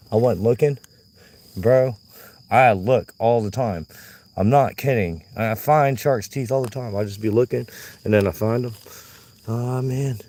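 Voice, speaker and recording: A man chatting to his viewers on a live vlog while walking a trail, his voice hoarse from yelling. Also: lowish voice. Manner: chatty, talks to himself and viewers. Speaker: vlogger. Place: outdoor nature trail.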